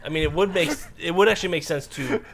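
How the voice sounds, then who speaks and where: A man co-hosting a talk show, chatting casually and tossing in quick wisecracks. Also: a little high, a bit bright. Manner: quick wisecracks and agreeing interjections. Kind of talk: casual chat.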